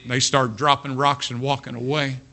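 Bright-voiced man preaching a story sermon. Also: medium pitch, little pitch movement, moderate pace, creaky. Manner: folksy, repeats "you know what", swings from soft to loud.

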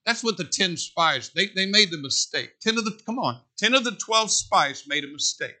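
A man preaching from the pulpit. His tone is very bright and forceful. He talks in a folksy way and climbs to loud, emphatic peaks. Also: sits high, lively intonation, normal speed. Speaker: pastor. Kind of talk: sermon.

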